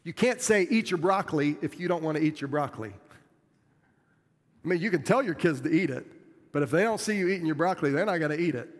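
A man's voice: fairly high pitch, expressive, quick pace, big-room sound. A middle-aged man preaching a sermon as a pastor, earnest and plainspoken, with self-deprecating humor.

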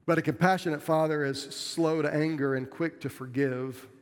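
A middle-aged man delivers a sermon from the pulpit, earnest and plainspoken, poking fun at himself. His voice sits a touch high for a man. The sound rings with the long reverb of a large church sanctuary. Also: steady tone, moderate pace, clear, resonant tone. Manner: earnest, plainspoken, self-deprecating with laughs. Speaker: pastor.

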